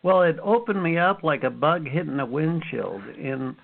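A man's voice: fairly high pitch, moderate pace, creaky. Man in his fifties, interview guest, acts out past moments as he tells them; sound is narrow like a phone line. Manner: animated storyteller, acts out his own past reactions. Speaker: author and guest. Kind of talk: storytelling interview answers.

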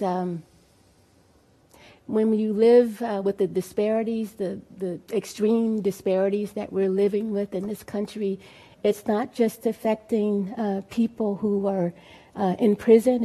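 Woman panelist, halting anecdotal delivery, lots of fillers, live event. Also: medium pitch, dark tone, slightly rough. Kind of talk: storytelling to a live audience.

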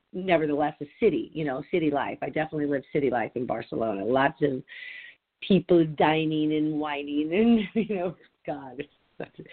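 A middle-aged woman hosting a podcast, telling a story in a rambling, chatty way with lots of "like". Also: low voice. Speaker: podcast host. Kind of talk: casual chat. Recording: tinny phone-like sound.

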